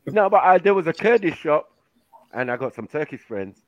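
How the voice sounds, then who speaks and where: Animated man telling stories. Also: a little high, normal speed, dry recording. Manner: slangy storyteller, puts on voices, laughs often. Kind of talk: casual chat. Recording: dry, dull lo-fi sound.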